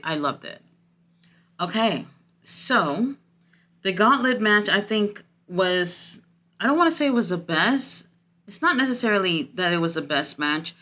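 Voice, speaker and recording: A woman reviewing a wrestling show in a casual, excitable chat, swearing freely and gushing with lots of fillers. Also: on the low side.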